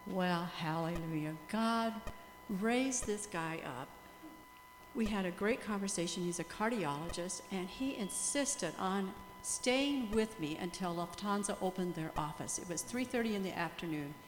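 An older grandmother, a missionary speaker who tells stories of faith in a lively way and praises God often. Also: mid-range voice, measured pace. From USA or Canada. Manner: animated, laughing storyteller, praising God often. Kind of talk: testimony talk to a church group. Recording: echoey hall with faint hum.

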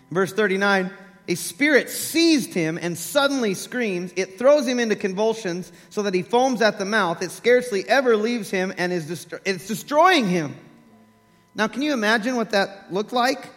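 A man preaching a sermon, telling scripture stories with animated acted-out voices and laughter. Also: sits high, normal speed, big-room sound.

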